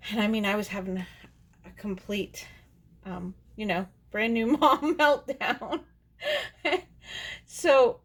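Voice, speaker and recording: A woman vlogger talks to her camera in a loose, rambling way. She laughs often and restarts her sentences as she goes, like someone chatting with friends. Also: medium pitch. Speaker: doll artist and channel host. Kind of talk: casual storytelling to camera.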